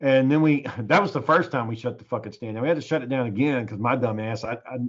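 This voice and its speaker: In a slightly rough, medium-pitched voice and at a quick pace, a man shares a profane, animated story in casual chat, imitating the people he quotes. The recording is dull and lo-fi.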